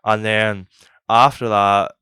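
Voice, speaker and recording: A man's voice: lowish voice, slow pace, smooth, no room sound, clean studio sound. A young man telling a rambling, sweary story in a casual podcast chat. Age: young adult. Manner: swearing, rambling, animated retelling. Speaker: podcast host.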